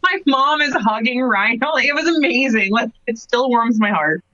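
A woman in her thirties from Cape Breton, telling stories casually in an interview, full of "like"s and quick laughs. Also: on the high side, pushed and bright, no room sound. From Canada, Cape Breton. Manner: chatty storyteller, many "like"s, laughs often. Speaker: guest wrestler. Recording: dry, dull lo-fi podcast audio.

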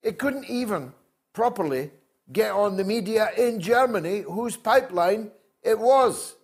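A man's voice: sits high, slightly rough. An older man hosting a call-in show, combative and mocking, reading viewer comments aloud. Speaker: host. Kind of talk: opinionated call-in show talk.

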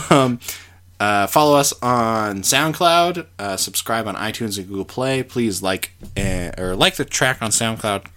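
A man's voice: lowish voice, unhurried, sharp tone. A man co-hosting a podcast, casually chatting in a rambling way with lots of fillers. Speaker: podcast co-host. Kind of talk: casual movie review chat.

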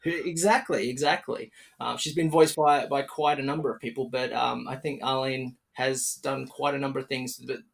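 A chatty young man with an Australian accent hosts a podcast interview. His voice sits in a middle pitch. He talks in an upbeat way, restarting sentences and filling gaps as he goes. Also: fairly even intonation, normal speed, gravelly, few pauses. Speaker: podcast host.

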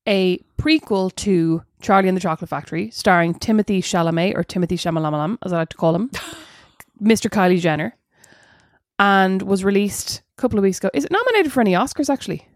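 A chatty woman keeps a film review on track, jokey and a little bossy. Her voice sits at an ordinary middle pitch. The sound is dry and close, with no room around it. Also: expressive, a little fast, no echo. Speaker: podcast co-host. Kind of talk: casual chat reviewing a film.

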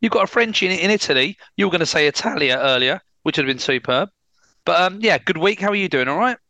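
A man co-hosting a football podcast, teasing his co-host in quick banter. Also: high-pitched, animated, sharp tone, dry recording. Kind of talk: casual chat.

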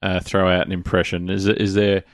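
A man's voice: sits low, level tone, fairly quick. A man co-hosting a gaming podcast, easygoing and prompting the others for impressions. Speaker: podcast co-host. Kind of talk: casual podcast chat. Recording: crowd and noise behind.

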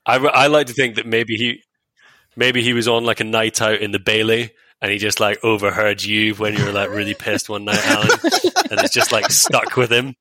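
Male podcast host, wry and chatty, bright forward tone. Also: fairly low pitch, level tone, moderate pace, no echo. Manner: wry, chatty, reading out plugs with many ums. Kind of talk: casual podcast chat.

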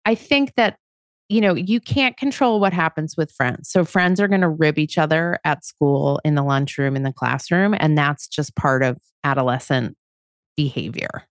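In a low voice at normal speed, a middle-aged podcast co-host talks through parenting questions in a casual, conversational way. The recording is studio quality with no room sound.

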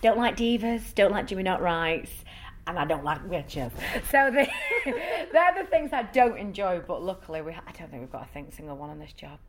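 An actress chatting as a guest in a casual interview, talking freely and often checking in with "you know". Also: female voice, on the low side, sing-song, a little fast, a little hiss or hum.

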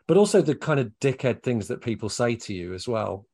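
An interviewer asking considered questions, often pausing and repeating words. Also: medium pitch, big pitch swings, darkish tone, breathy edge. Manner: halting, searching for words.

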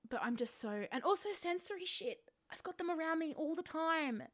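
A woman's voice: extremely high pitch, lively intonation, moderate pace, hardly any pauses. An Australian woman co-hosting a podcast, sounding worn out and weary, rambling through her week in casual chat with self-deprecating asides. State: tired. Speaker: podcast co-host.

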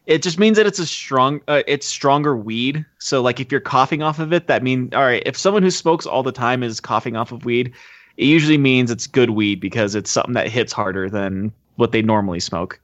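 A man's voice: mid-range voice, a little fast, fairly bright tone, dry recording. A man co-hosting a podcast, explaining film scenes in a wry, matter-of-fact way, on a dull, lo-fi mic. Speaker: podcast co-host. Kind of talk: casual film discussion.

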